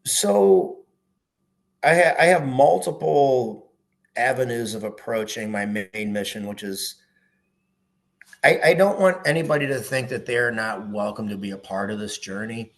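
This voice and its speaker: A man's voice: mid-range voice, unhurried, poor audio. A middle-aged man, a former police officer, talking in a casual podcast interview, earnest and emphatic, swearing freely.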